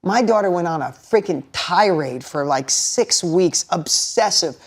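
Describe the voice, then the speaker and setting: A man's voice: sits high, lively intonation, unhurried. Emphatic middle-aged man giving a motivational talk. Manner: emphatic, repeats key lines, questions the audience. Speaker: motivational speaker. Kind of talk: motivational talk to a live audience.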